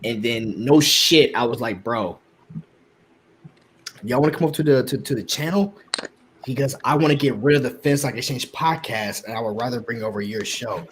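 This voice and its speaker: Male podcast host, mid pitch, animated storyteller who swears freely, faint noise behind. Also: normal speed. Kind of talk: casual chat.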